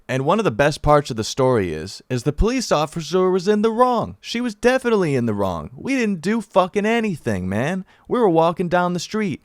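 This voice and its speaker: A young American man vlogging in a casual storytelling style, animated and profane, repeating lines for emphasis. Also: high voice, fairly quick, hardly any pauses, no echo, clean studio sound. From United States.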